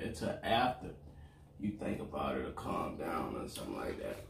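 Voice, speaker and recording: Plain-spoken man, mid-pitch, earnest, in an echoey room some way from the mic. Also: sing-song, moderate pace, creaky, far from the mic, slight background noise. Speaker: boyfriend, co-host. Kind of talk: casual couple chat over a meal.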